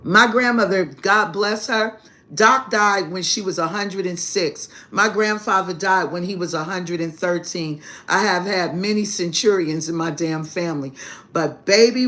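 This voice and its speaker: Her voice sits in the mid-range with a slightly bright quality. Hosting a live stream as a spiritual reader, this brash, profane woman tells her chat a casual story, laughing heartily the whole way and addressing everyone as "baby."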